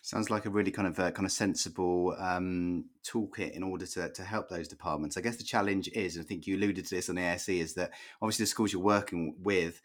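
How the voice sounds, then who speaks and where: A man's voice: low voice, steady tone, fast talker, hardly any pauses. A man hosting a podcast, asking long, hedging questions full of restarts. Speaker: podcast host. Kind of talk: conversational podcast interview.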